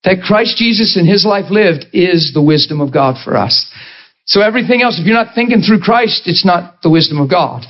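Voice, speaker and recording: Male preacher, slightly high voice, chatty sermon delivery, dull lo-fi sound. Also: lively intonation, moderate pace. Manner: conversational, checks in with the congregation.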